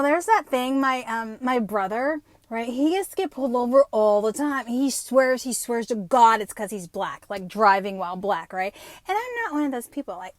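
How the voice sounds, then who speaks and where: A woman in her fifties talks through her own stories on a loose, unscripted podcast, swearing freely and jumping into voices for the people she quotes. Her voice sits a bit high for a woman. The sound is dry, with no room behind it. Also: no echo. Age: 50s. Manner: profane, animated storytelling with quoted asides. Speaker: podcast host. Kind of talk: unscripted casual monologue.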